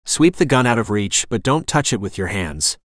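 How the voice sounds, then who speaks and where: A man's voice: lowish voice, sing-song, moderate pace, a bit bright, no room sound, clean studio sound. A man voicing a stern, protective sheriff's deputy who speaks in a grim tone.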